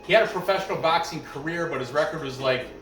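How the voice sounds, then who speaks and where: A man's voice: a little high, quick pace, fairly bright tone, distant mic. Man, betting picks host, rambling casual chat, echoey room, faint background music. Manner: loose, chatty, frequent restarts and asides. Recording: roomy echo, off-mic, faint music behind.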